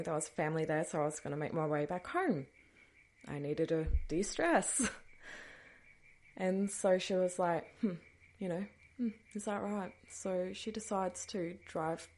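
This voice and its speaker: A woman's voice: deep voice, darkish tone. A woman hosting a podcast, telling a personal story in a casual, chatty way, breaking into nervous laughs and trailing off with dismissive asides. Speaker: podcast host.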